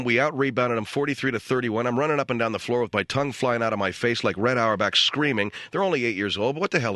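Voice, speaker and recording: A middle-aged man hosting a radio comedy show, delivering a deadpan ranting monologue that jumps into shouted quoted voices. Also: medium pitch, no echo, clean studio sound. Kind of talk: comic monologue. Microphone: studio radio mic.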